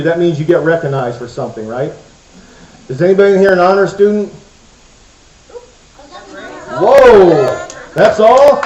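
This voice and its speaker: In a church hall before a crowd of kids, a man gives a playful, joking, chatty comic talk to a children's church audience. His voice is on the high side and a little mellow, and the hall's echo leaves the sound muffled.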